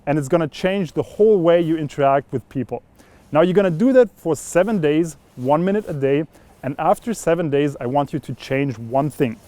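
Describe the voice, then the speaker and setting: A man's voice: on the high side, mellow, no room sound. A young man coaching viewers straight to camera, upbeat and instructive as he explains a voice exercise. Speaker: voice and communication coach. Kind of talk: direct-to-camera teaching.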